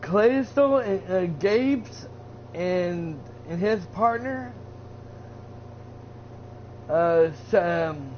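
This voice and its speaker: A man with a fairly high voice rambles through a casual recap, stumbling over fillers and starting his sentences again. The sound is dull and lo-fi, with a faint hiss underneath. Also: expressive, drawn-out words, pauses often. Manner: rambling, full of fillers and restarts. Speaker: streamer.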